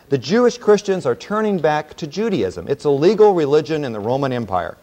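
Man, Bible teacher, classroom lecture, middle pitch, relaxed, folksy storytelling.

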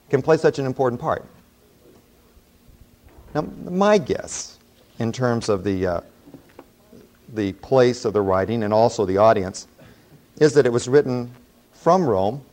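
Man, Bible teacher, classroom lecture, middle pitch, relaxed, folksy storytelling.

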